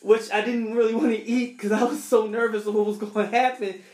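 A man's voice: high-pitched, steady tone, fairly quick, darkish tone, roomy sound, slight background noise. A young man casually telling a story from his childhood, rambling and restarting his sentences often.

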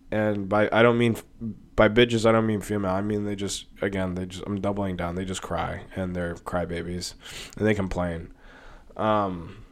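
A man's voice: medium pitch, clean tone. A young man hosting a solo podcast, ranting heatedly and rambling, with plenty of swearing. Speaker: podcast host. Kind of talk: casual solo podcast rant.

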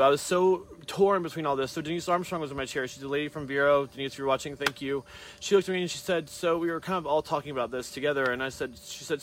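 A man's voice: on the high side, fast talker, slight background noise. A hairstylist man talking casually to his camera, rambling through a long story with many tangents and restarts.

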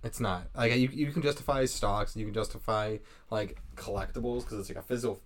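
A man's voice: fairly low pitch, fairly quick. A young man co-hosting a podcast in casual chat, rambling and swearing often with frequent laughs. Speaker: podcast co-host.

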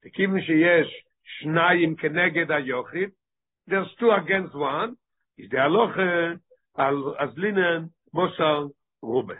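A man teaching a study class, racing through readings and then unpacking them with "right?" and rhetorical questions. His voice sits a bit high and sounds husky. The recording is thin and phone-like. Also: fast. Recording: tinny phone-like line.

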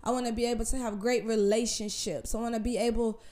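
Chatty woman with a slightly high voice. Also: flat delivery, quick pace, dark tone. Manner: slangy, conversational, emphatic rhetorical questions. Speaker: speaker sharing personal views. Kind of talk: casual personal monologue.

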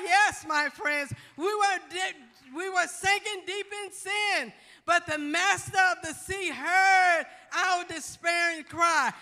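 A woman's voice: extremely high pitch, pushed and bright. A woman pastor preaching a fervent gospel sermon, repeating and building her phrases. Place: church sanctuary. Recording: church hall reverb with faint music.

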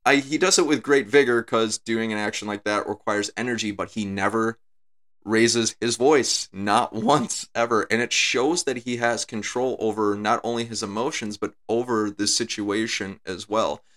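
Man with a lowish voice, easygoing video essayist who talks his ideas through. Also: steady tone, normal speed, fairly bright tone. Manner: talks things through, repeats his points. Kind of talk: casual analytical commentary.

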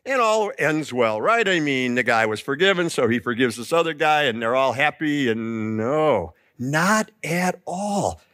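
A man preaching a sermon, telling the story with lively emphasis and acting out the quoted lines. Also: mid-range voice, unhurried, hardly any pauses, no room sound, clean studio sound. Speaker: pastor.

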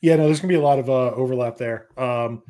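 A man's voice: mid-range voice, warm tone. Rambling, profane man talking football. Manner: rambling, profane, talks fast in bursts; confident fantasy football analysis. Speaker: podcast guest. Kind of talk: casual sports chat.

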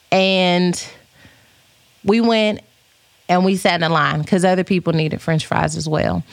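A woman's voice: lowish voice, no room sound. A woman hosting a podcast, telling a story in a playful, dramatic casual chat and reading viewer comments aloud. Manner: animated, playful, dramatic retelling.

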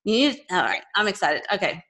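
Her voice is fairly low, expressive, fast, and sharp, carrying a Texan accent from growing up in Texas. As a podcast host in a casual interview chat, she rambles and frequently starts her sentences over.

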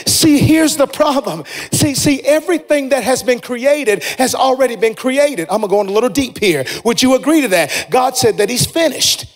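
A man preaching a sermon as pastor, with a shouting, half-sung cadence. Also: very high-pitched. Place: church sanctuary. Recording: long reverb of a large hall.

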